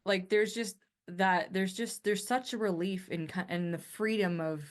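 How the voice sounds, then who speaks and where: A woman's voice: mid-range voice, a little slow. Chatty Canadian woman podcast host. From Canada, northern Alberta. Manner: rambling, self-correcting, chatty. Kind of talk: casual solo monologue.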